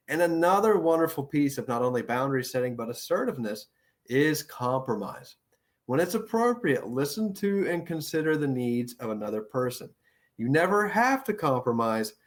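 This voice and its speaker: Steady, assertive male counselor. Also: mid-range voice. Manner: steady, assertive, deliberate delivery. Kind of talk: instructional talk on boundaries.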